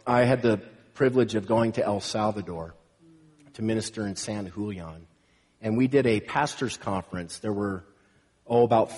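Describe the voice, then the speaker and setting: A man delivers a sermon in an emphatic preaching style. His voice sits at a middling pitch and swells into loud, drawn-out proclamations. A long reverb from the church hall trails behind him. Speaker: pastor.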